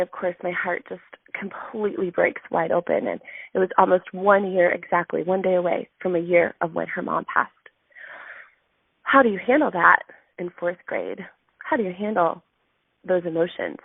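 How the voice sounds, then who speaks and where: A woman's voice: fairly low pitch, moderate pace, creaky, no room sound. A woman in her thirties telling a heartfelt story in a motivational talk, emotional and full of ums. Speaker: sales team leader giving a weekly message. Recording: tinny phone-line sound.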